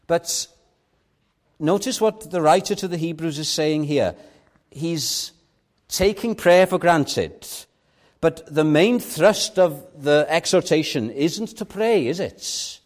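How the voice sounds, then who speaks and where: Young preacher with lively, emphatic delivery. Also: male voice, fairly high pitch, slow pace. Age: young adult. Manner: earnest, emphatic, swinging between loud stresses and soft drops. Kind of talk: sermon.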